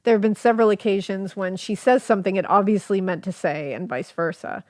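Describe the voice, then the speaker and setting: A woman's voice: medium pitch, brisk, a little mellow, no room sound, clean studio sound. A woman hosting a casual storytelling podcast, reading quotes and chatting with fillers and easy laughs. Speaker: podcast host.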